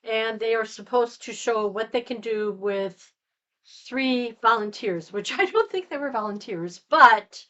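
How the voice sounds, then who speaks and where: A woman's voice: on the high side, lively intonation, unhurried, pushed and bright, highs cut off. A woman in a casual movie chat who jumps in with corrections and plot details.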